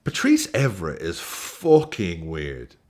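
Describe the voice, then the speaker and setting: Lively swearing man ranting about football. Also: low-pitched, slow. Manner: animated, swearing, laughing often. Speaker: football YouTuber. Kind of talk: casual football commentary.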